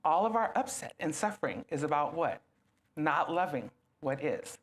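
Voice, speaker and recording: A woman giving a lively talk to a live audience, asking them questions and acting out little scenes. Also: deep voice, normal speed. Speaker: guest speaker.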